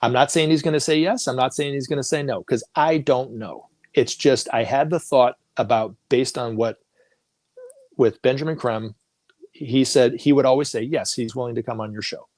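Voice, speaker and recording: A man's voice: mid-range voice, normal speed, a little mellow, no room sound. A man talking as a guest on a talk show, telling stories casually and acting out the voices of the people in them, laughing often.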